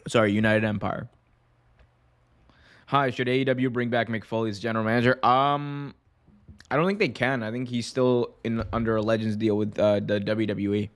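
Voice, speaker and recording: A man hosting a podcast, giving a casual recap and answering fan questions in a rambling, excitable way. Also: fairly low pitch, moderate pace. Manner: rambling and excitable, heavy use of "like". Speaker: podcast host.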